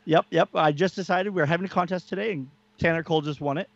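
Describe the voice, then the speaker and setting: A man's voice: fairly high pitch, quick pace, no echo, lo-fi sound. A man co-hosting a casual chat show, talking earnestly and rambling with many fillers. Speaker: podcast co-host.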